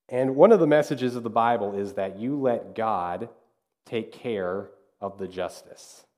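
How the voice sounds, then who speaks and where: A man's voice: medium pitch, mellow. A man preaching a sermon in a conversational way, acting out little asides now and then. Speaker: pastor.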